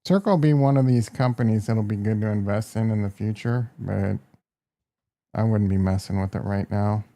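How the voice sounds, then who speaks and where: A man's voice: lowish voice, steady tone, normal speed, mellow. A man with a Midwestern American accent hosting a casual live stock market stream, brash and joking as he reacts to prices and talks to his chat. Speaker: market livestream host.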